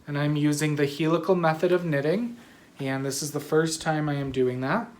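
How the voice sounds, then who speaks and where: A woman's voice: low-pitched, moderate pace, darkish tone. A sleepy woman hosts her knitting show in loose, rambling chat. She drifts between thoughts, yawns, and keeps apologizing for it. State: sleepy, yawning. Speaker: knitting podcast host. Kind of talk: casual chat.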